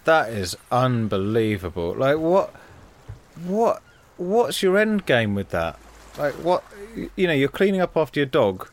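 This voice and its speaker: A man, co-hosting a podcast, chatting casually with animated, exasperated riffs. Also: a little high, a little hiss or hum. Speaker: podcast co-host. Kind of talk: casual chat.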